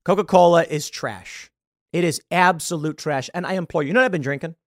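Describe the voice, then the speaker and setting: A man's voice: a little high, fairly quick, no echo, studio quality. A man hosting a podcast, delivering an exasperated opinion rant with frequent laughs and repeated words. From United States. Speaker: podcast host.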